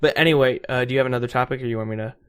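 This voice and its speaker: Young man, podcast co-host, mid-range pitch, halting delivery, lots of fillers. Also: a bit bright, clean tone. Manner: halting, restarts often, filler-heavy. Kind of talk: casual chat.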